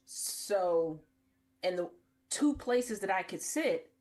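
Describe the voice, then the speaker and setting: Animated woman telling a funny story. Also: medium pitch, takes it slowly. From Cincinnati, Ohio. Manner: animated, laughs often. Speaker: podcast host. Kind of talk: comedic casual storytelling.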